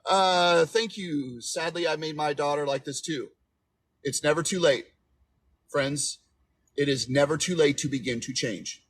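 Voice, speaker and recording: A man in his forties speaks with a slightly high, husky voice as he gives relationship coaching on a livestream. He is emphatic and repetitive, and he keeps checking in with his viewers. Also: unhurried, fairly bright tone. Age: 40s. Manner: emphatic, repetitive, preachy, asks "okay?" often. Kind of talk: livestream advice talk.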